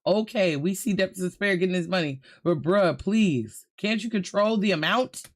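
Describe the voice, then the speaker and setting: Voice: medium pitch, moderate pace. A host reacting to scary videos in casual, slangy commentary, shrieking and talking straight to viewers. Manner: loud, exclamatory and slangy, full of shrieks and asides to viewers.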